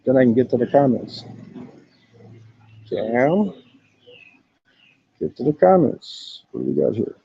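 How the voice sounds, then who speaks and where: Gravelly laid-back man streaming from a phone. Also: medium pitch, expressive, measured pace, pauses often, dark tone, muffled recording. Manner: laid-back, swears often, keeps saying "man". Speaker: live streamer. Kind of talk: casual live-stream walkaround. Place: hostel in Thailand. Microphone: phone camera.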